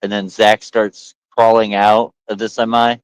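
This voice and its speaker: A man's voice: fairly low pitch, unhurried, smooth, no echo, dull audio. A man hosting a casual podcast, telling stories and acting out the voices of the people in them. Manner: animated storyteller, acts out quotes. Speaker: podcast host.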